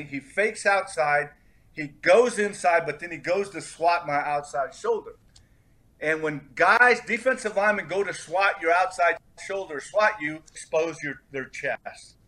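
Man, middle-aged, bright tone, slightly high voice, animated storyteller, podcast guest. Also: a little slow. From California. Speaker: interview guest, former football player.

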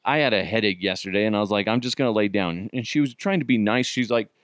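In a laid-back storytelling monologue, this middle-aged podcast host fills his tales with swearing and laughter while imitating the voices of the characters. He has a lowish voice and talks fast, with no echo in the recording.

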